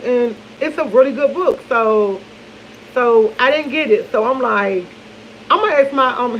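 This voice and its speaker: A woman's voice: high voice, lo-fi sound, slight background noise. A woman chatting over morning coffee to her viewers, rambling and laughing, often losing her train of thought. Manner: loose and chatty, speaks to viewers as y'all. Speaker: vlogger. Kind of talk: casual morning chat to camera.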